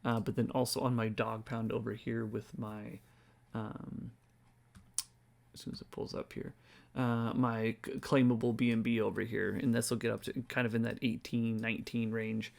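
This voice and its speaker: A man's voice: medium pitch, level tone, moderate pace, gravelly, a little mellow. A man hosting a casual screen-share walkthrough, tired and yawning, rambling and thinking aloud as he reads figures off the screen. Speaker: crypto video host.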